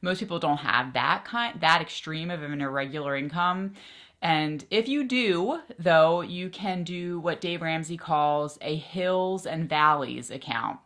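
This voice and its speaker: Low-voiced chatty woman money vlogger. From Philadelphia area. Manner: chatty, excitable, quick asides. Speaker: personal finance YouTuber. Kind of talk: casual talk to camera.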